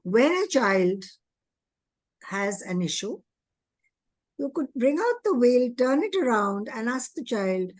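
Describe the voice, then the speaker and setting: A woman's voice: on the high side, sing-song, takes it slowly, long pauses, no echo. A woman, giving an earnest teacher training talk and asking many rhetorical questions. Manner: earnest, asks rhetorical questions, acts out child and teacher voices. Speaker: early childhood education trainer.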